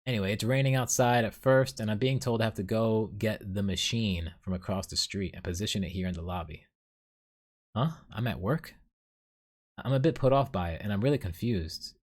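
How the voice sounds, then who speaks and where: A man's voice: on the low side, moderate pace. A man hosting a solo podcast, telling his dreams in a rambling, self-deprecating way with many fillers. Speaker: podcast host. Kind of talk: casual solo storytelling.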